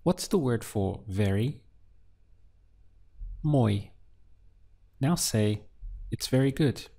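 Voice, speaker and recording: A man's voice: mid-range voice, animated, extremely slow, vocal fry, mellow. A man teaching a beginner language lesson, patiently prompting the learner and then giving each answer. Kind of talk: slow instructional lesson.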